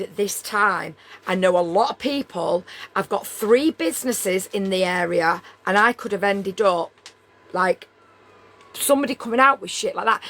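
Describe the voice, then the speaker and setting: A woman's voice: mid-range voice, a bit bright. A middle-aged woman from Leigh, England, with a Northern English accent, telling a story in a blunt, heated way and swearing freely. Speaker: streamer. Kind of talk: storytelling chat.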